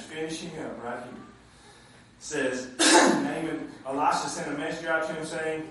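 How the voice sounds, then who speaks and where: High-voiced preacher in an echoey sanctuary. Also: male voice, a little slow, a little hiss or hum. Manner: animated, swinging from low asides to shouted climaxes. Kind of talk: sermon. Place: church sanctuary with congregation. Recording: very echoey hall, mic from far off.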